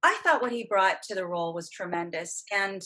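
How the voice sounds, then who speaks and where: A woman's voice: mid-range voice, a little fast, a little hiss or hum. A woman guest on a podcast, chatting casually and enthusiastically as a voice actress about superhero films. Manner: enthusiastic, animated fan talk.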